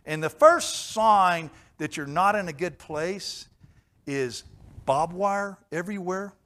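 A man's voice: high-pitched, lively intonation, slow, pushed and bright. A man preaching a conversational sermon, telling stories and putting questions to the listeners in an earnest way.

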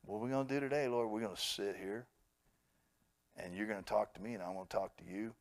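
A pastor preaching a sermon, swinging between loud, emphatic outbursts and quiet, gentle asides. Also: male voice, lowish voice, quick pace, creaky.

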